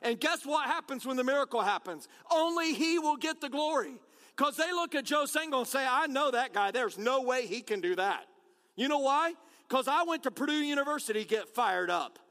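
A man preaching an energetic sermon with rallying calls and self-deprecating jokes. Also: very high-pitched, normal speed. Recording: long hall reverb.

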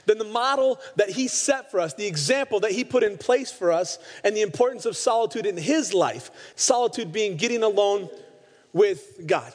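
A pastor with a high, animated voice preaches a sermon at a moderate pace, retelling scripture stories and acting out the quoted lines. Long hall reverb surrounds his voice.

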